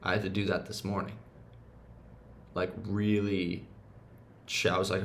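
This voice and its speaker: Male self-help host, gravelly and low, casual and emphatic rant with slang and swearing. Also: a little slow, pauses often, a little hiss or hum.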